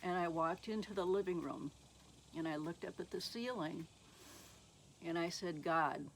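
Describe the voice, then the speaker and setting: A middle-aged woman telling her personal faith testimony slowly and haltingly, with many pauses. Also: fairly low pitch, darkish tone, a little hiss or hum. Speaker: speaker sharing her testimony.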